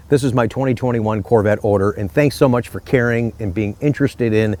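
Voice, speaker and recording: A middle-aged man hosts his own video channel from a park, speaking outdoors. He talks in a chatty, friendly way and tells stories easily. His voice sits at an ordinary pitch for a man. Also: a little mellow. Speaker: car salesman and channel host. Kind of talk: casual outdoor vlog talk.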